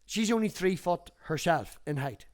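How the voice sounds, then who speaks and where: Male livestream host, 30s, swears freely, slightly high voice. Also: moderate pace. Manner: swears freely, animated storytelling. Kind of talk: casual chat.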